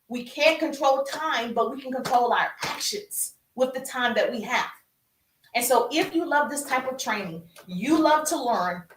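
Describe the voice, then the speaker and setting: A woman gives a motivational marketing lesson, hammering her points home in an emphatic, repetitive, preacher-like rhythm. Her voice sits high and rings in a roomy space, a little away from the mic. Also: recorded from a distance, slight background noise. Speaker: social media marketing coach. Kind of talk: motivational training talk.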